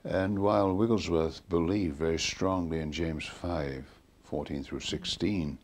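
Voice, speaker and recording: Older male interviewee, deep and husky, earnest storyteller who punches the quoted lines. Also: a little slow. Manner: earnest, animated retelling with emphatic quoted commands. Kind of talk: recounting stories in an interview.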